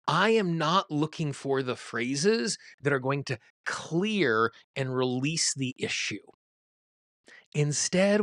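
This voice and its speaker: A man's voice: a little high, fairly bright tone, no room sound. Man teaching tapping, dry sound. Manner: conversational, uses everyday examples. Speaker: tapping teacher and show host. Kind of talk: instructional talk to camera.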